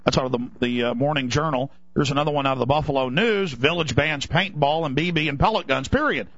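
A man's voice: a little high, quick pace, a bit bright, no room sound. Man ranting heatedly on talk radio. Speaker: radio talk show host. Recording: dull lo-fi broadcast audio.

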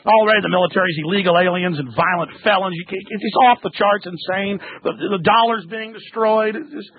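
A man hosting a talk radio show, ranting angrily and shouting insults at callers, with a gravelly, husky voice on a tinny broadcast. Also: high voice, moderate pace, dry recording. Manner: angry, shouting tirades at callers.

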